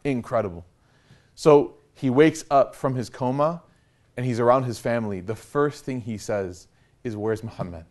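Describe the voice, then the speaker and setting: A young man giving a casual storytelling lecture, animated and conversational with slangy asides. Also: mid-range voice, normal speed. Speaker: preacher.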